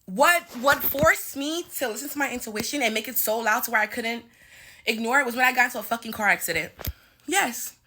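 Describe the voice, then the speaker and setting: A woman's voice: a little high, a little fast, pushed and bright, a little hiss or hum. A woman in her twenties telling a heated, profane story-time rant at home, stuttering as she talks. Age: 20s. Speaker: vlogger. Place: home bathroom, indoors.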